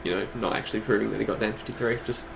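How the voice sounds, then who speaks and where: A man's voice: on the low side, fairly even intonation, rapid-fire, creaky, fairly bright tone, a little hiss or hum, poor audio. A laid-back man co-hosting an online awards stream, laughing often and reading out lists of nominees in casual chat. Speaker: stream co-host presenting awards.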